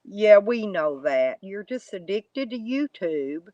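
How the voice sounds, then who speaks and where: A woman's voice: mid-range voice, sing-song, takes it slowly, dark tone, no room sound. Lady rambling to her stream viewers, folksy and mocking, dry dull audio. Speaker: YouTube live streamer. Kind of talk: casual chat to live viewers.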